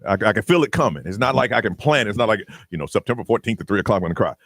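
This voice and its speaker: A man's voice: lowish voice, rapid-fire, husky, no echo. A man hosting a morning radio show, chatting casually in the studio, telling stories, acting out the dialogue in them, and laughing often. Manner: animated storyteller who acts out quoted dialogue and laughs often. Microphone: studio microphone.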